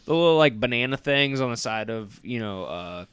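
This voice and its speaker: Man, podcast co-host, lively pitch, bright clear voice, dry close mic, acts out quotes. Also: moderate pace, no room sound. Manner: animated storyteller, acts out quotes, laughs often. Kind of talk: casual movie-recap chat.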